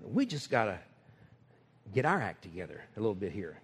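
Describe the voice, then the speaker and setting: A Texan preacher tells stories in a folksy, laughing sermon style, his husky voice on the low side and a little fast. He is animated, and the recording has the echo of a large hall.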